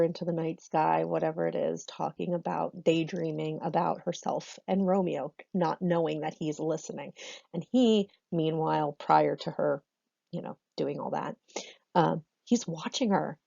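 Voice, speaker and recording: Gravelly woman teaching a drama lesson. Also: sits low, fairly even intonation, a little slow, dark tone, no echo, lo-fi sound. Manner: chatty, laughs often, self-correcting. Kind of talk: recorded online lesson.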